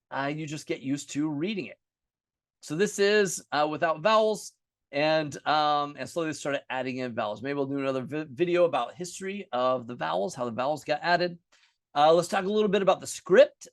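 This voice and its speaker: A man's voice: fairly high pitch, no room sound, studio quality. A man teaching an unscripted lesson, explaining step by step at a chart, casual with many fillers and self-corrections.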